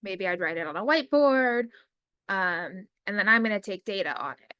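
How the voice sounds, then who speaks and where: A woman who works in special education, giving a casual screen-recorded demo lesson and reading her typed prompts aloud slowly. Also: medium pitch, expressive, fairly bright tone, clear, resonant tone, dry recording, lo-fi sound. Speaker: special education teacher trainer.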